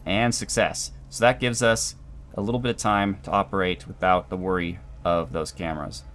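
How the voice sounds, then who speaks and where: A man giving calm, dry, explanatory commentary while playing a video game. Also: sits low, normal speed. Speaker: gameplay commentator. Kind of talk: let's play commentary.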